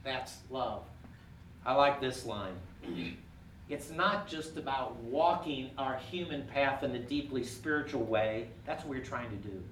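A man preaching a sermon, rising to emphatic peaks and dropping quiet and intimate. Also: mid-range voice, expressive, measured pace, slight background noise. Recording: echoey room, from far off.

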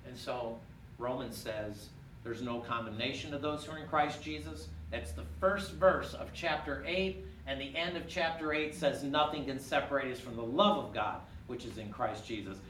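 A man preaching a sermon, rising to emphatic peaks and dropping quiet and intimate. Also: medium pitch, moderate pace, a little hiss or hum. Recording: echoey room, from far off.

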